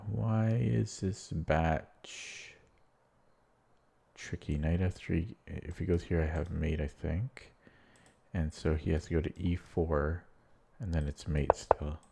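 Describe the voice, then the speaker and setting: A man's voice: a bass voice, flat delivery, unhurried, vocal fry, dark tone, slightly rough. A man streaming chess, thinking aloud while solving puzzles, muttering to himself and getting frustrated.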